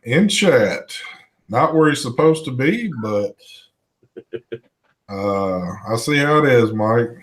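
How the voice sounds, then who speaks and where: A man's voice: medium pitch, expressive, slow pace, pauses often. Man, casual live-stream co-host, laid-back, reads chat aloud, mild swearing. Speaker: co-host of a vaping live show.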